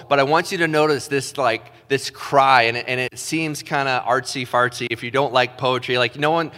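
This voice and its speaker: Casual pastor preaching in a reverberant hall. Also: male voice, medium pitch, fairly even intonation, normal speed, hardly any pauses, pushed and bright. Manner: casual, self-deprecating, talks with his hands in filler words. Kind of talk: sermon. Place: church stage.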